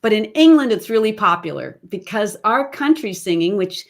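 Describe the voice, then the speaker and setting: A woman's voice: medium pitch, lively intonation, moderate pace. A woman voice teacher giving an online webinar lesson over a computer mic, chatty and explaining as she goes. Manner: chatty, demonstrates sounds and sung snippets mid-explanation.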